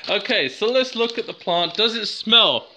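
A man's voice: high-pitched, lively intonation, moderate pace, sharp tone. A man from England chatting casually to camera as he reviews a plant, joking and wandering off on tangents, recorded on a handheld camera. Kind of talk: casual rambling chat to camera.

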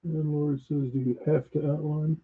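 Flat, husky man reading out questions. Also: fairly high pitch, normal speed, narrow, tinny audio. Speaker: assistant relaying viewer questions.

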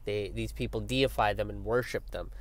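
A young man giving a casual political rant, animated and sarcastic, swearing often and mocking his opponents. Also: lowish voice, normal speed. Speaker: political commentator. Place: outdoors by a road with passing traffic.

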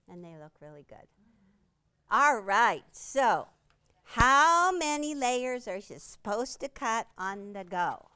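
A woman leads a quilting demonstration in a studio with a small audience listening. She takes her time, talking in a relaxed, playful way and stopping to quiz the room. Her voice comes through clean and smooth. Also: mid-range voice. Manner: chatty, playful, quizzes the audience. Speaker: quilting instructor and show host. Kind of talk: live product demonstration.

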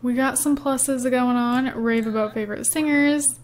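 Speaking at a moderate pace in a steady, high voice, a young gaming YouTuber chats her way through a life-simulation game. Her let's-play commentary is giggly and casual, full of "um" and "like."

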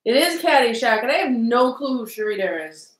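A woman's voice: on the high side, very animated, brisk, echoey room, poor audio. A woman co-hosting a live stream, chatting casually and reading out movie lines, laughing at herself. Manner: chatty, self-deprecating, laughs often.

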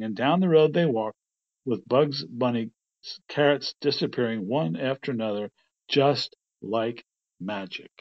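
A man reading a children's storybook aloud in plain, steady narration. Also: mid-range voice, unhurried, dull audio. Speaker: storybook reader.

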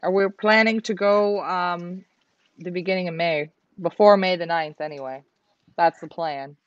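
A woman's voice: fairly low pitch, steady tone, a little slow, dry recording, highs cut off. Chatty woman reading viewer comments. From Canada. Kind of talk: casual livestream chat.

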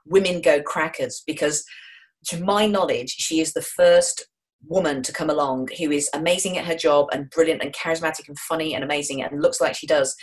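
A middle-aged woman from the English Midlands with a low, deep voice, talking fast and enthusiastically in an interview. She keeps it jokey and animated, often jumping into playful voices mid-story. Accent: Wolverhampton, English Midlands. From England. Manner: enthusiastic, jokey, quick to put on voices in anecdotes. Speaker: author and screenwriter guest.

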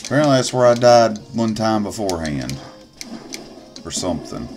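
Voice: medium pitch, sing-song, moderate pace, a little mellow, faint music behind. A let's player giving gameplay commentary, swearing and grumbling at the game as they go. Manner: profane, grumbling running commentary. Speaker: let's play gamer.

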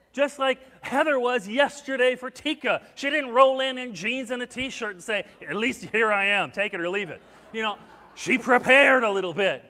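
A man preaching a sermon as pastor, telling stories with acted-out quotes and swinging between hushed and loud. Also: very high voice, in a large hall. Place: church sanctuary.

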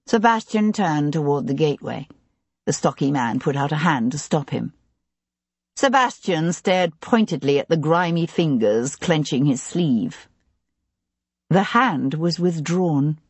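A woman narrating an audiobook in a steady, even way. Her voice is low and a little husky. It sits close and dry on the mic. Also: measured pace, long pauses, no echo.

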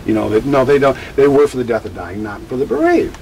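A man who teaches about grief, answering interview questions in an animated, digressive way and acting out quotes. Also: mid-range voice, fast, creaky, a little hiss or hum, low-quality recording. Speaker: grief educator.

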